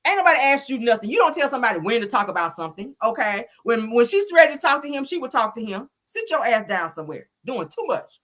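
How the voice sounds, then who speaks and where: A woman hosting a live stream, recapping a reality show episode in a sassy, blunt, animated way. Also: on the high side, quick pace, few pauses. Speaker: host.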